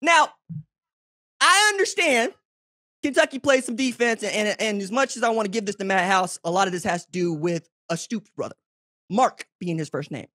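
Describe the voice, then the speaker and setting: A man hosting a college football show, giving brash, teasing commentary straight to his audience and jumping high and loud when he gets excited. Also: brisk, no room sound, clean studio sound. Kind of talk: opinionated sports commentary to camera.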